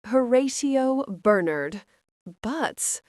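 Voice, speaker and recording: A woman voicing a charming, easygoing male nobleman who talks in a slow drawl, in an audiobook. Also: a little high, expressive, a little mellow, no room sound, studio quality, pitched above the performer's own voice. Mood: amused.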